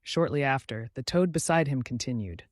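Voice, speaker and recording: A man's voice: medium pitch, expressive, moderate pace, dry recording. A man narrating a comic story recap in a scripted storytelling style.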